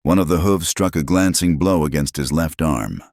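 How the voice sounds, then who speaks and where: A man narrating a dramatic western story in a slow, measured, scripted style. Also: very deep voice, darkish tone, dry recording, clean studio sound.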